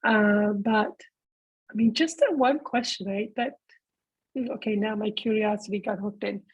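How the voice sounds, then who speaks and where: Female discussion leader, breathy and a touch high, laughs easily, dry close sound. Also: a little slow, no echo, lo-fi sound. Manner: reflective, laughs easily, calls on members by name. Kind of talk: casual group discussion.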